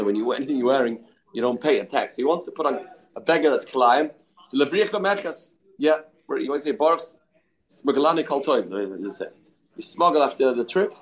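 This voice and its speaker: Male Talmud teacher, conversational, mid-range voice, answers students, Hebrew and Aramaic terms in his English. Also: medium pitch. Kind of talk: informal Talmud study lesson.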